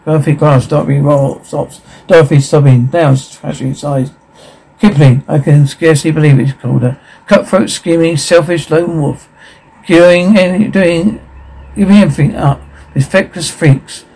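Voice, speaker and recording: Mellow man reading captions haltingly. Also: on the high side, breathy edge, low-quality recording. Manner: halting, stumbling over words, flat delivery.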